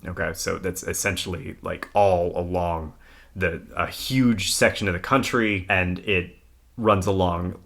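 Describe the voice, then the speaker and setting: Man, podcast co-host, gravelly voice, lowish pitch, casual storytelling, laughs a lot. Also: steady tone, unhurried, a bit bright. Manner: laughs often, reads newspaper text aloud.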